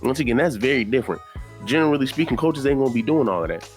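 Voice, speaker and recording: A man's voice: medium pitch, lively intonation, racing, darkish tone, soft background music. A man hosting a casual reaction commentary video, opinionated and repetitive, often adding "man" to his points. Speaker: commentary YouTuber.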